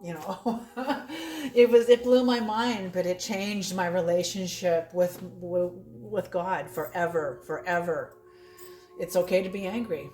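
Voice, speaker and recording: A woman's voice: fairly low pitch, steady tone, a little slow, a little mellow. Woman doing a tarot reading, blunt, cussing, laughing, roomy echo. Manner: blunt, swears freely, laughs often. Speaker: tarot reader. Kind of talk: casual spoken tarot reading.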